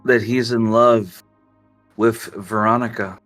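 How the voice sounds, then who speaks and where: Bright-voiced man running a tabletop game. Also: fairly low pitch, level tone, takes it slowly, soft background music. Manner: casual, filler-heavy narration. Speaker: game master.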